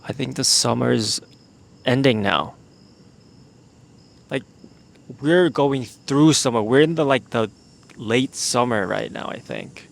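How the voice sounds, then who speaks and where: A young man talks slowly through a casual solo podcast recorded outdoors in the evening. His mid-pitched voice has a gravelly edge. He rambles and sounds unsure, as if thinking aloud. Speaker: podcast host.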